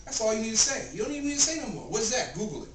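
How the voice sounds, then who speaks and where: A man in his thirties giving a motivational sales pitch to a group in a home, asking them questions as he goes. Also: sing-song, very fast, faint music behind. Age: 30s. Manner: preachy, asks the room questions. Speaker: network marketing presenter. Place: living room of a home. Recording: roomy, distant and noisy home recording.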